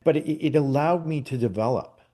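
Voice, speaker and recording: A man's voice: on the high side, a little fast, warm tone. A middle-aged man, a guest on a podcast, telling a long personal story in a casual, rambling way with many fillers and restarts. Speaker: podcast guest, psychic medium.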